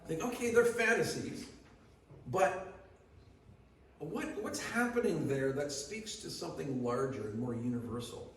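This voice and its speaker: Man, pastor, conversational sermon, voice a bit high, echoey hall, heard from a distance. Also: lively intonation, a little slow, long pauses, slight background noise. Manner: conversational, asks the audience questions. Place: church hall. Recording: echoey church hall from far off.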